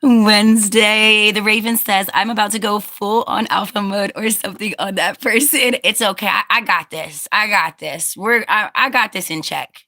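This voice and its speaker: A woman's voice: medium pitch, normal speed, few pauses, bright, forceful tone. A woman hosting a casual livestream, reading viewer comments aloud, chatty and laughing often, firm with rude commenters. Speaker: livestream host.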